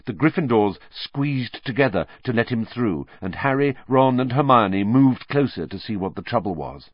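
A man narrating a storybook in an expressive, lively reading, on a dull lo-fi audiobook recording. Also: medium pitch, normal speed, no echo.

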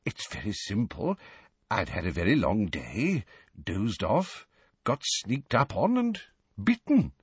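A man's voice: on the low side, slow pace, slightly rough, no echo, exaggerated voice. A man voicing a kindly middle-aged wizard father, chatty and evasive, in an audiobook reading. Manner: chatty, animated.

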